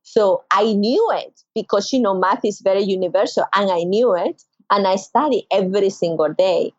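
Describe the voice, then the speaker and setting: A woman's voice: moderate pace, no echo, dull audio. A middle-aged woman from Venezuela with a Venezuelan Spanish accent, a podcast guest telling an emotional personal story and acting out quoted voices. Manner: expressive, acts out quoted voices with big pitch jumps.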